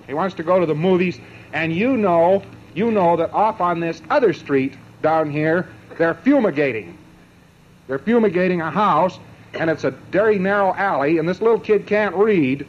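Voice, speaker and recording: Guy lecturing a crowd, kinda high voice, sardonic and punchy, choppy little phrases, muffled tape w faint hiss. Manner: sardonic, mocking asides; emphatic, broken into short phrases with pauses. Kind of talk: lecture to a live audience.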